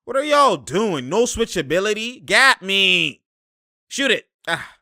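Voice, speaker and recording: A young man talking casually and excitably as he reacts to basketball footage, laughing and using slang. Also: sits high, a little slow, no room sound, studio quality. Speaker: sports commentator reacting to game footage. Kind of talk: casual live game reaction.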